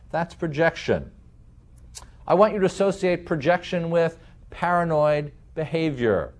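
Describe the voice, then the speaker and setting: A man with a fairly high pitch lectures deliberately, slowing down to stress key terms. He explains ideas through vivid everyday examples.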